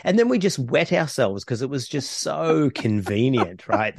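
A man with a mid-pitched voice guests on a podcast as a co-host. He tells stories in an easygoing, animated way. The sound is dry, with no room around it. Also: normal speed, creaky, hardly any pauses, breathy edge, no room sound. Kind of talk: casual podcast chat.

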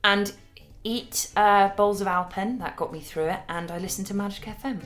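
A woman hosts with a bright, crisp voice in a breezy, light-hearted manner. Faint music plays behind her. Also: medium pitch, normal speed. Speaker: podcast host. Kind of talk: casual chat.

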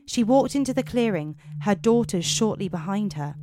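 A woman hosting a podcast, chatting casually and reading folk tales aloud in a relaxed storytelling manner. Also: medium pitch, normal speed, hardly any pauses. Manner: relaxed storyteller, reading with small slips and asides. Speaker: podcast host. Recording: noisy podcast recording.

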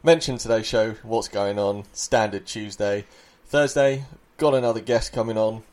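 A man hosting a fantasy football podcast, upbeat and excitable in casual chat. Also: lowish voice, normal speed. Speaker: podcast host.

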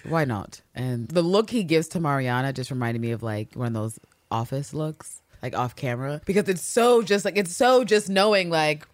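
A woman co-hosting a casual recap podcast, talking in a lively, profane way and acting out characters' lines. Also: moderate pace, no echo. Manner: animated, profane, acts out characters' lines with big pitch jumps. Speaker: podcast co-host.

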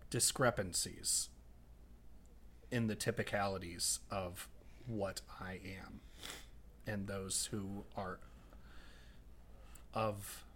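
A man voicing a gentle, wise male otherworldly guardian, speaking slowly and in a hushed, solemn way. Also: on the low side, fairly even intonation, slight background noise. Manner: slow, hushed, solemn farewell.

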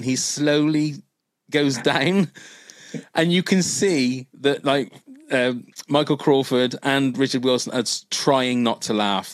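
Male podcast host, casual rambling storyteller, middle pitch, dead-dry mic. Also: no echo. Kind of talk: casual chat.

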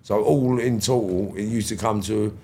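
A man's voice: fairly low pitch, normal speed, a little hiss or hum. A middle-aged man, a podcast guest telling stories casually, acting out conversations with slang and swearing. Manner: animated, acts out dialogue with slangy swearing. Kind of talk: casual storytelling interview.

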